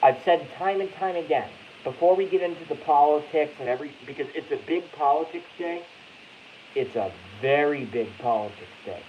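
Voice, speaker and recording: On a dull, lo-fi recording with faint hiss, a Boston man with a higher-leaning, animated voice hosts a casual live stream at normal speed. He rambles, curses, and breaks off his own sentences.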